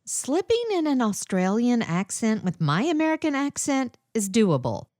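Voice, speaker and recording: A woman's voice: on the high side, big pitch swings, moderate pace, a little mellow, dry recording, studio quality, voice pushed up. A woman voicing a young woman heading into her first undercover job, nervous and full of self-doubt.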